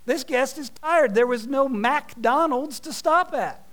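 A man preaching a sermon, telling a parable with folksy, animated asides. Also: extremely high pitch, takes it slowly.

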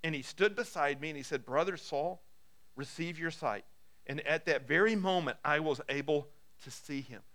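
A male pastor preaching a sermon, reading scripture aloud with dramatic swings between hushed passages and emphatic, raised lines. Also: a little high, moderate pace.

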